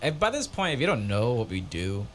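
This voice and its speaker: Animated man telling a story. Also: mid-range voice, brisk, slight background noise. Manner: animated storyteller, acts out dream dialogue in raised voices. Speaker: podcast co-host. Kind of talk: casual podcast chat.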